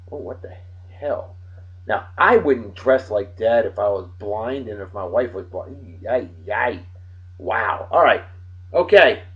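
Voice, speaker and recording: Loud joking man in his forties, lively pitch. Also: dull audio. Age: 40s. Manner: loud, joking, exclamatory banter. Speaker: beer review host. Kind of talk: casual beer review vlog.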